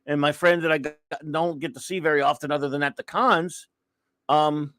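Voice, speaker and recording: A man hosting a live comics talk show, chatting casually and rambling through friendly shout-outs to viewers in the chat. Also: a little high, steady tone, moderate pace. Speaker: podcast host.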